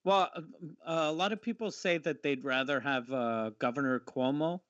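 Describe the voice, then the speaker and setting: A man's voice: medium pitch, normal speed, fairly bright tone, no room sound. Rambling podcast man, dull lo-fi audio. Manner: loose, rambling, profane. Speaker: podcast co-host. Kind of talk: casual comedic banter.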